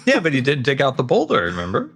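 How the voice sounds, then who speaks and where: A man's voice: medium pitch, wildly swooping pitch, fast talker, vocal fry, a bit bright, faint music behind. A man on a livestream chiming in with short, teasing remarks in casual banter. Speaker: fellow streamer chiming in.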